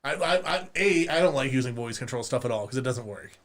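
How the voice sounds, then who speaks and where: A man's voice: medium pitch, animated, fast, fairly bright tone. A man co-hosting a podcast in casual chat, rambling and hesitant, trying out joke accents. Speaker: podcast co-host.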